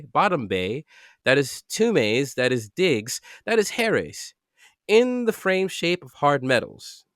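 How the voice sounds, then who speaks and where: A man's voice: on the high side, no room sound, clean studio sound. A man cold-reading a dense literary text aloud for a podcast, stumbling over words and chuckling at it.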